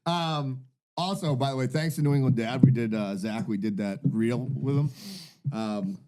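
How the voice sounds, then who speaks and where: A young man, chatting as a podcast co-host in a mellow, mid-pitched voice. He drifts along laid-back, with casual fillers and plenty of swearing. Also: moderate pace.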